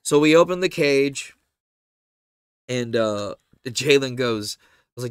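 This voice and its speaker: A man hosting a podcast, telling a profane, animated story and acting out the voices of the people in it. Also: mid-range voice, slow, long pauses, smooth, dry recording, clean studio sound. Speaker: podcast host. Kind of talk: casual storytelling chat.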